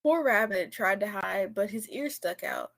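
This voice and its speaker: A woman's voice: mid-range voice, expressive, moderate pace, creaky, a bit bright. A teenage girl on a video call reading a picture book aloud, correcting slips as she goes. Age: teens. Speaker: student volunteer reader.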